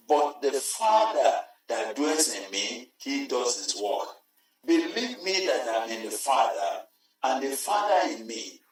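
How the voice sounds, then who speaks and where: A man voicing Jesus as a calm, grave teacher, quoting scripture slowly and solemnly in a church. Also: medium pitch, pitched below the performer's own voice. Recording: very echoey church hall, mic far off.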